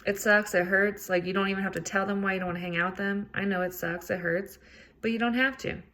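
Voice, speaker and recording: A woman's voice: medium pitch, steady tone, quick pace, sharp tone, a little hiss or hum. A woman hosting a solo self-help podcast, talking in a casual, earnest way and swearing freely. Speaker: podcast host.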